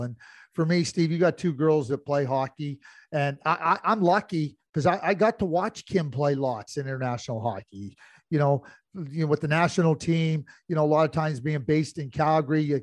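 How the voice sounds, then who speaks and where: A man's voice: fairly high pitch, a little mellow, no room sound. A man co-hosting a podcast, breaking down the game in casual chat, with frequent restarts. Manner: analytical, many restarts and fillers. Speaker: podcast co-host, hockey analyst.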